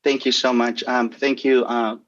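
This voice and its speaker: A man's voice: mid-range voice, flat delivery, normal speed, a bit bright, lo-fi sound. A man representing an advocacy group, testifying politely and formally.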